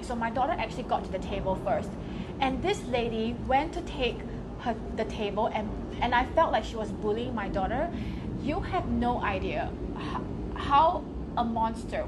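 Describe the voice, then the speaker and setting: A middle-aged woman hosting a livestream, giving a casual motivational talk in a frank, animated way with bursts of emphasis. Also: a little high, heavy background noise. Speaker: host of a women's group livestream.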